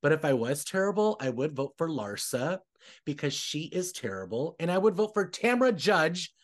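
A young adult man hosting a podcast in casual, gossipy chat, bouncing between opinions and acted-out quotes. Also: medium pitch. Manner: animated, gossipy, acts out quotes. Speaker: podcast host.

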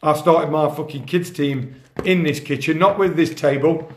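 Man, high voice, angry sweary rant, echoey kitchen. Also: moderate pace, slight background noise. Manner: angry, sweary, rants loudly. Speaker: podcast host, grassroots football coach.

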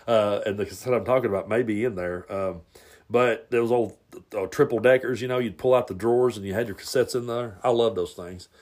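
A man's voice: fairly low pitch, brisk, a little mellow. Laid-back man rambling through a story. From Tennessee. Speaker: podcast host. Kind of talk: casual storytelling monologue. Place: home, near the garage.

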